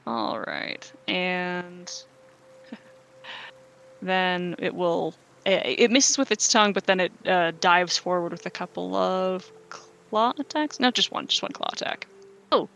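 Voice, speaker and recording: A woman narrating as game master for a tabletop game, describing a monster in halting, self-correcting bursts full of fillers. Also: fairly low pitch, creaky, fairly bright tone, rough recording.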